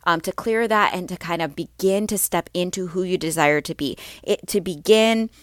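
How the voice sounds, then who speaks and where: A woman's voice: on the low side, normal speed, dry recording, studio quality. Chatty woman podcaster, slightly stuffy. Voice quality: slightly stuffy, clearing her throat. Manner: upbeat, chatty, many ums and restarts. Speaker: podcast host and mindset coach. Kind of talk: casual solo podcast talk.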